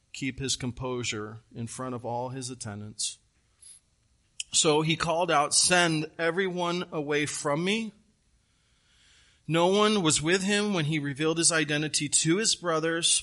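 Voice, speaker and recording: A man preaching a sermon, retelling a scripture story with earnest, animated emphasis and repeated phrases. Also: on the high side. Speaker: pastor.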